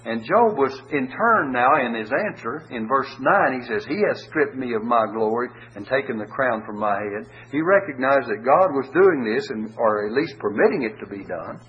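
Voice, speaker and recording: A man's voice: medium pitch, animated. Folksy man teaching scripture, lo-fi. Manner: reads verses slowly, then paraphrases in plain folksy talk. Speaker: preacher. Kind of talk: Bible teaching, reading and commenting on scripture. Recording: dull lo-fi recording with faint hum.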